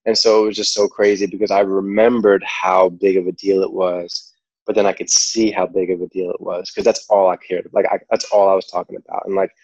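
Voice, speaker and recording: A man with a New York accent and a very low, deep voice tells stories as a guest in a loose, easygoing way, leaning on "like" and "you know". The sound is dry and close, with no room around it. The recording is a little dull and muffled. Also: flat delivery, fairly quick, darkish tone, breathy edge, no room sound. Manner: rambling, full of "like" and "you know". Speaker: podcast guest. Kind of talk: casual storytelling.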